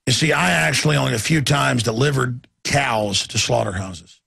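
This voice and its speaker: Gravelly, husky man ranting on air. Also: mid-range voice, normal speed, bright, forceful tone, dry recording, studio quality. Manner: intense, acts out voices mid-rant. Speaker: talk show host. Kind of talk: impassioned talk-radio rant.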